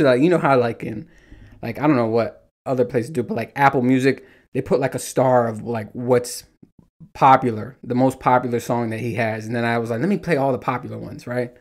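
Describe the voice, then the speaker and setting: A man in his thirties ranting casually as a solo podcast host, telling stories with lots of swearing and acting out what people said. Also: medium pitch. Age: 30s. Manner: animated, profane storytelling with mimicked dialogue.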